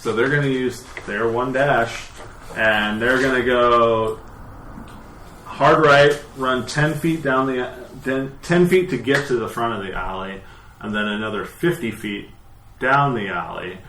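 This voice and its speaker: A man's voice: medium pitch, measured pace. A man narrating as dungeon master in a tabletop game, talking loosely with many fillers. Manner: relaxed, hesitant, many fillers. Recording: echoey room, faint noise.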